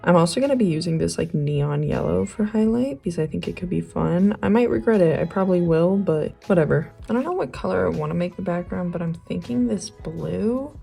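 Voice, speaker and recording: A woman's voice: lowish voice, lively intonation, fairly quick, creaky, hardly any pauses, warm tone, husky, soft background music. A young woman chatting casually while she draws, rambling with lots of fillers and slang. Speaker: art vlogger. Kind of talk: casual chat while drawing.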